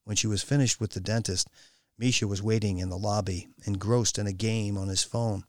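Low-voiced male audiobook narrator. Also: fairly even intonation, fairly quick, a little mellow, no room sound, studio quality. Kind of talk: scripted narration.

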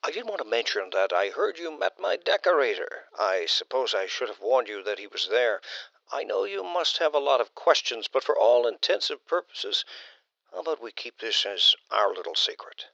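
Narrator doing a gravelly, coaxing man; lively pitch, lo-fi sound. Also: normal speed, dry recording, exaggerated voice. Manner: coaxing, reassuring.

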